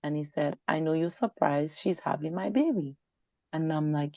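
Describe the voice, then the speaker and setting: A woman speaking as a guest in a personal storytelling interview, her pitch sitting a little low. She tells her story in an animated way and plays out the voices in the conversations she recounts. The recording is dry, dull and lo-fi. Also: moderate pace, creaky, no echo. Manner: animated, acts out quoted dialogue.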